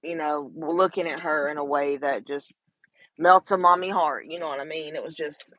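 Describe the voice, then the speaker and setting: A woman's voice: deep voice, steady tone, normal speed, fairly bright tone, dry recording, rough recording. A middle-aged woman, talking to viewers in a casual livestream chat, tender and emotional. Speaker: livestream host.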